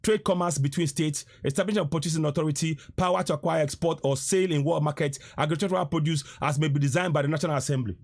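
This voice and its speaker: A Nigerian-accented man hosts a political livestream, talking fast with few pauses in a high voice. Preachy, he mixes Pidgin with English and repeats lines to drive his point home.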